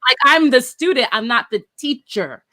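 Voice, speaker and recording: A woman in casual podcast chat, speaking in an emphatic, profane way and quick to joke. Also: high-pitched, animated, sharp tone. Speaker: podcast co-host.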